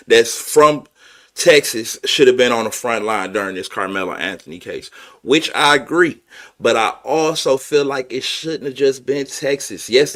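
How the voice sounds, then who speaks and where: A man's voice: medium pitch, bright, forceful tone. Emphatic man hosting a podcast. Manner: emphatic, addresses viewers as y'all, swears. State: emotional. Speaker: podcast host. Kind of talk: casual commentary.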